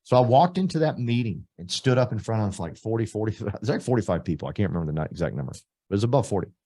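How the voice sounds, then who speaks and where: A middle-aged man from Texas, giving an emphatic motivational recruiting speech that swings between loud punches and soft asides. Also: on the low side, very animated, fast talker. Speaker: real estate company leader.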